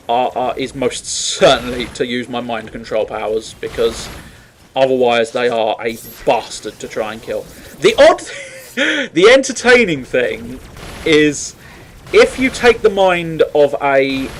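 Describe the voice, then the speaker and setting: Lively sweary man commentating a game. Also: a little high, a little hiss or hum. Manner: swearing, laughing, rambling asides. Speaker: gaming commentator. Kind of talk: casual gameplay commentary.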